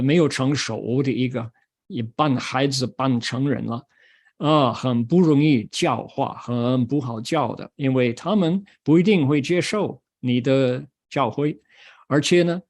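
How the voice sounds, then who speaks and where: A man's voice: medium pitch, a little mellow. An older man giving a Buddhist Dharma talk, telling a story and acting out the people in it. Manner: switches between Mandarin and English, acts out quoted voices.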